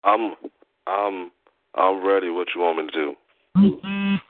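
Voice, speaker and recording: A man's voice: low voice, huge pitch swings, takes it slowly, noisy background. Laid-back man on a tinny line. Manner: laid-back, brief, slangy. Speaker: show regular announcing results. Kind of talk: casual call-in talk. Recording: tinny phone-like call audio.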